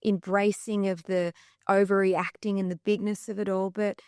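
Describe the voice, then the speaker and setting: An Australian woman talking as a podcast guest in a lively, casual way, often acting out other people's voices. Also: medium pitch, normal speed, smooth, no echo, clean studio sound. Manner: animated, acts out quoted voices. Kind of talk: casual chat.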